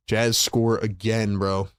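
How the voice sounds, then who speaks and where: A man streaming live fan play-by-play, calling plays and reacting as a frustrated, excitable fan with casual slang. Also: fairly low pitch, slow, clear, resonant tone, no room sound, studio quality. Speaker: livestream host doing fan play-by-play.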